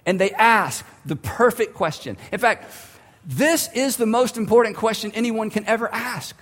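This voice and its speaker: A male pastor tells a story to his congregation in a vivid, conversational sermon. His voice sits high and he leans on dramatic pauses. The sound carries a long reverb from a large church room. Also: a bit bright.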